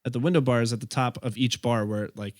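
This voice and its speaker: A man's voice: medium pitch, fairly even intonation, a little fast, no echo, clean studio sound. A man hosting a podcast, casually telling a history story, often laughing and losing his place.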